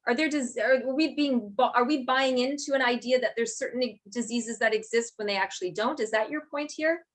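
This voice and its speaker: A woman with a fairly high voice hosts an interview. She asks probing questions and sums up her guest's points with encouragement. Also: fairly quick. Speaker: interviewer host. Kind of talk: interview chat.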